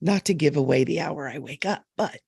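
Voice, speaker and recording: Woman psychic medium chatting live on a webcam, gravelly voice, dry sound, earnest and emphatic. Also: deep voice, animated, a little fast, dark tone, no echo. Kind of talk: live-stream chat.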